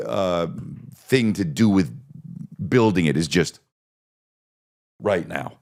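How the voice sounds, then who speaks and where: Low gravelly-voiced man telling stories. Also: expressive, measured pace, pauses often, a little mellow. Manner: rambling, profane, with sarcastic asides. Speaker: podcast host and stand-up comedian. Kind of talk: casual comedic storytelling.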